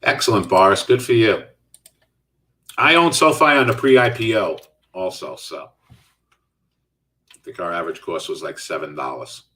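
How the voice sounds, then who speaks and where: Middle-aged male trading host, lowish voice, loose live-chat delivery, sitting a little back from the mic. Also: animated, measured pace, pauses often, bright, forceful tone, far from the mic. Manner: casual, reads out and answers viewer chat while trading. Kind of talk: live trading stream commentary.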